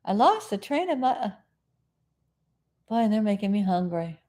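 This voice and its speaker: A woman's voice: mid-range voice, very animated, normal speed, mellow. A middle-aged woman from South Florida hosting a casual live stream, chatting in a meandering way and often losing her train of thought.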